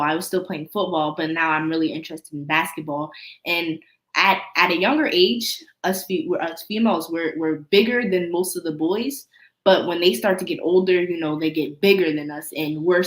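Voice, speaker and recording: A teenage girl with a fairly low voice, animated as she tells stories from her own life. Her voice carries a roomy echo, and she acts out the people in her stories as she goes. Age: teens. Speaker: guest, young football player. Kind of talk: casual interview storytelling.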